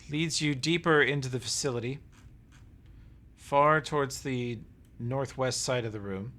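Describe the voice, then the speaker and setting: A man running a tabletop game as game master, relaxed and descriptive, checking in with his players. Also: mid-range voice, measured pace.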